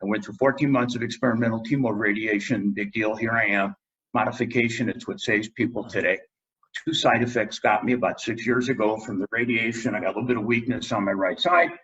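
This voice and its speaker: Middle-aged male guest, husky low voice, lively storyteller doing quotes, muffled lo-fi recording. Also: fairly quick. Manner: animated storyteller, acts out quotes. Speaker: guest dentist. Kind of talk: storytelling in a podcast interview.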